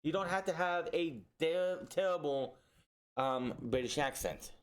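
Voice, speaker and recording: A man's voice: fairly high pitch, measured pace. A man reviewing a wrestling show in a casual, exasperated, sarcastic rant full of restarts.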